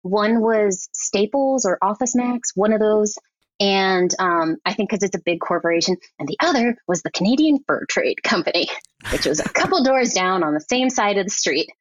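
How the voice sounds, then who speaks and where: A woman editor telling a lively, chatty story as a podcast guest, peppering her talk with "like". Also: mid-range voice, normal speed, no echo. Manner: animated, chatty, heavy use of "like". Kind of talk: casual storytelling interview. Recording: dry, slightly dull podcast audio.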